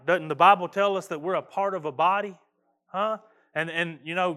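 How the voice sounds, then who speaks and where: A middle-aged pastor with a drawl delivers a sermon in a notably high voice. He speaks folksy and earnest, often stumbling and restarting his phrases. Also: fairly bright tone.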